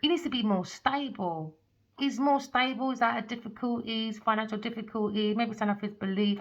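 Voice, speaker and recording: A woman giving a channelled tarot reading, excitable and swearing freely, at times dropping to a soft near-whisper. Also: a little high, brisk. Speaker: tarot reader. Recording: dull lo-fi audio.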